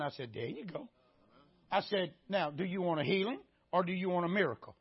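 Husky-voiced preacher, shouting in bursts. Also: male voice, sits high, normal speed. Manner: animated preaching, shouting at peaks. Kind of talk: sermon. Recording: dull lo-fi sermon audio.

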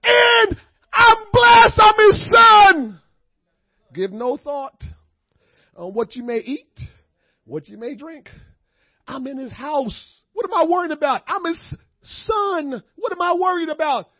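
A man, preaching a sermon to his congregation, dropping to low murmurs and then rising to shouted preaching. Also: lively intonation, measured pace, dry recording. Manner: calls out to the congregation. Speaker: pastor. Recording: dull, lo-fi sermon audio.

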